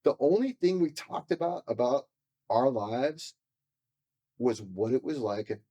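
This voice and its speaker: A man's voice: mid-range voice, expressive, a little slow, warm tone. A man from California telling his story as a podcast guest, candid, emotional and profane, acting out what people said to him. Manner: emotional and confessional.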